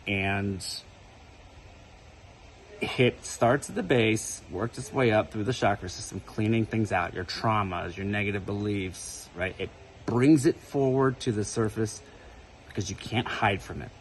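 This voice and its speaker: This spiritual video creator talks to camera in a fairly low, unhurried voice, casually sharing a personal spiritual story. He keeps the tone conversational and frequently checks in by asking "right?" The low-quality recording carries a little hiss or hum.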